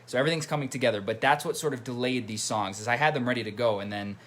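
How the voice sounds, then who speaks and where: A man's voice: mid-range voice, rapid-fire, fairly bright tone. A man hosting a casual livestream as a musician, chatting and reading out viewer comments. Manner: chatty, reads viewer comments aloud and greets them. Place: at home by his computer.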